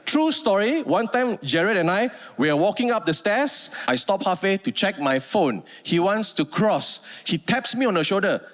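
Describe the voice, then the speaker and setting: A man's voice: high-pitched, very animated, moderate pace, few pauses, fairly bright tone. A man from Malaysia with a Malaysian English accent, doing a stand-up comedy set and acting out scenes as he tells the story.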